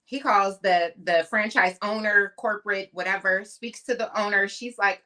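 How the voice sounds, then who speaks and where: Bright, chatty woman telling stories. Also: mid-range voice, steady tone, moderate pace, hardly any pauses. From US West Coast. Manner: storytelling, chatty and emphatic. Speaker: podcast co-host. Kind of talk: casual podcast chat.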